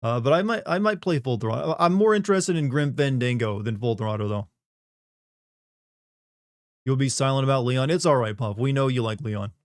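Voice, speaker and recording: A man's voice: medium pitch, normal speed, dry recording. Joking streamer man, dry close sound. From Southern United States. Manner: rambling, joking, reads chat aloud. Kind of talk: casual live-stream chat.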